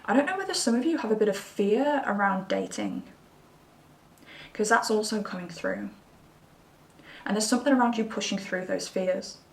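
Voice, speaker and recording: A woman's voice: medium pitch, recorded from a distance. A woman giving a chatty, reassuring pick-a-card tarot reading. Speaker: tarot reader. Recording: roomy sound from away from the mic.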